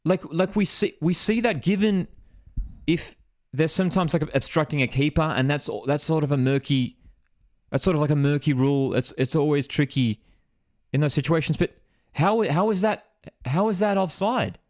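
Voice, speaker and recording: A man hosting a live football watchalong, reacting with disbelief and excitement and reading out viewer comments. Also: a little high, moderate pace, dry recording, clean studio sound. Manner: excitable, disbelieving, rises sharply when outraged or celebrating.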